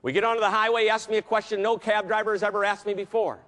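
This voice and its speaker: Animated male keynote speaker in a hall. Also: high voice, very fast. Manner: animated and theatrical, acts out the story. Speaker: customer service keynote speaker. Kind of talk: storytelling keynote speech. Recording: reverberant hall.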